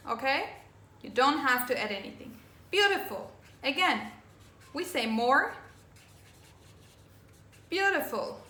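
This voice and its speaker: A woman teacher giving an English grammar lesson, slowly spelling out endings and repeating words for her students. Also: high-pitched, fairly bright tone. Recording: echoey room.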